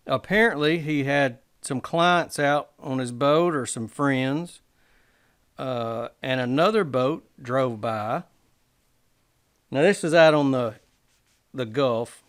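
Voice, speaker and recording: Host, slow unhurried delivery, smooth clear tone, casual podcast. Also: male voice, fairly high pitch. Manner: slow, drawn-out storytelling with hesitations.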